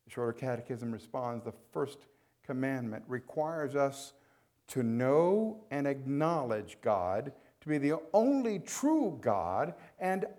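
A man's voice: medium pitch, a little mellow. A man preaching a sermon as pastor, emphatic and repeating phrases for weight.

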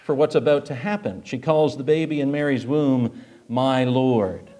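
Brief: male preacher, fairly high voice, chatty sermon delivery with rhetorical questions. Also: moderate pace, mellow. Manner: conversational, rhetorical questions, frequent fillers.

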